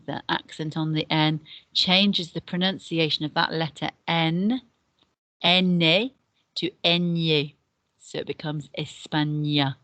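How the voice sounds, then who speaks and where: A woman with a notably low voice talks pupils through a beginner lesson. She explains patiently, repeating and spelling things out step by step. Her voice sounds close and dry, with no room echo. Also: fairly bright tone. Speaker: deputy head and Spanish teacher. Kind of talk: recorded classroom lesson for beginners.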